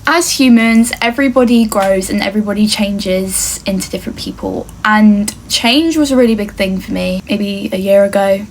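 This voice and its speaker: This young English vlogger talks at normal speed with few pauses, her medium-pitched voice carrying over slight background noise. Earnest and chatty in her casual get-to-know-me video, she frequently says "like" and "obviously."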